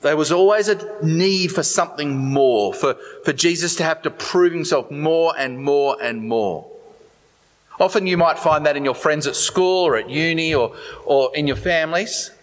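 A man preaching a sermon in an animated, conversational way, turning often to talk straight to his listeners. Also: a little high, moderate pace. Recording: long hall reverb.

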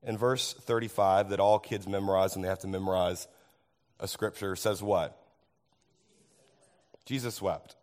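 A man preaching a sermon as pastor, his voice hoarse from overuse, animated and asking the congregation questions. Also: low-pitched, a little slow, long pauses. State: hoarse, tired voice.

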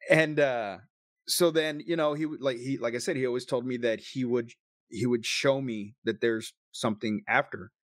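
Man, 30s, spins a raw personal story with swearing and quick bursts, mid pitch, dead-dry room. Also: fairly even intonation, no room sound. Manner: emotional, profane, quick bursts. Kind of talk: casual storytelling.

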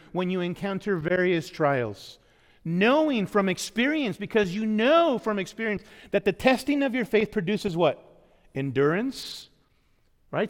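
A man preaching a sermon as pastor, often putting rhetorical questions to the congregation. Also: high-pitched. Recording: long reverb of a hall.

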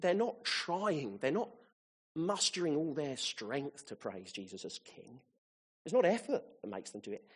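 A man preaching a sermon to his congregation, animated, with his voice rising to excited peaks. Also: on the high side, slightly rough.

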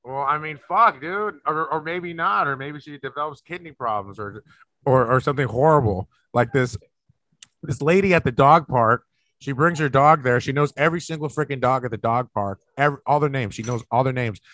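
Young man, podcast host, bright voice, dry sound, profane, rambling, video call. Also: mid-range voice, fairly quick, no echo. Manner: profane, rambling, laughs a lot. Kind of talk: casual podcast chat over video call.

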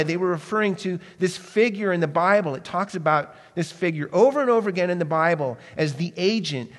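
A man's voice: a little high, in a large hall. A man preaching a sermon, asking the listeners questions and sometimes dropping his voice to a near-whisper. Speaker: pastor.

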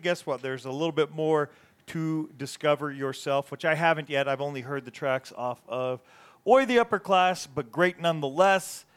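A man's voice: fairly high pitch, smooth. A middle-aged man co-hosting a podcast in casual chat, enthusiastically recommending bands. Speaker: podcast co-host.

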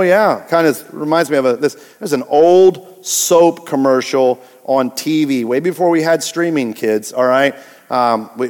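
A man's voice: a little high, long reverb tail. A man preaching a sermon in a casual, conversational way, stressing and repeating key words. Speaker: pastor.

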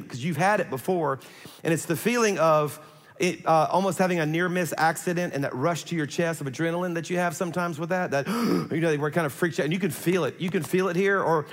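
A middle-aged man, a pastor, telling a personal story in a sermon, animated and conversational, acting out what people said. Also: a little high. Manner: animated, conversational, acts out quotes. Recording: long hall reverb.

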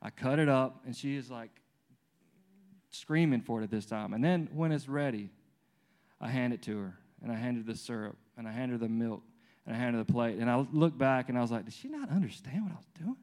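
Talking a little fast in a medium-pitched voice, a thirtysomething man delivers a conversational sermon, weaving in family anecdotes with frequent restarts and fillers. He animatedly acts out scenes between himself and his toddler.

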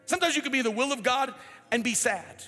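A male pastor preaching a sermon in a church, animated and swinging between loud and hushed. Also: extremely high pitch, fast, long reverb tail, soft background music. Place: large church hall.

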